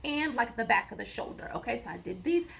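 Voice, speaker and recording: A woman's voice: a little high, big pitch swings, fast talker, creaky, a bit bright. A woman vlogger giving a rambling, playful recap of her gym workout, sometimes dropping into a whisper. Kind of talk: casual chatty workout recap.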